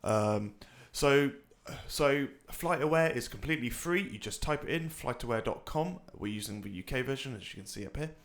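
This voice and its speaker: A man's voice: medium pitch, expressive, normal speed, few pauses, fairly bright tone. A young man hosting a casual flight simulator tutorial, rambling and self-mocking, with the odd swear. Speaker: flight sim tutorial host. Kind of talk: casual screen-recorded tutorial chat.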